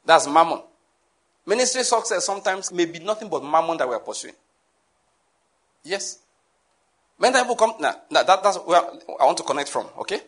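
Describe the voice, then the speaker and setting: A man preaching a sermon, emphatic, repeating key phrases and sometimes bursting into shouts. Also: a little high, lively intonation, brisk, long pauses.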